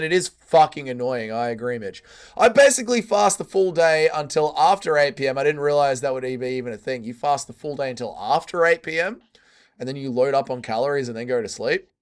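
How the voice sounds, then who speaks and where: A man's voice: on the high side, lively intonation, brisk. An Australian man hosting a casual livestream, reading out chat comments with blunt, crude banter, his voice tired and sore. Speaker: livestream host.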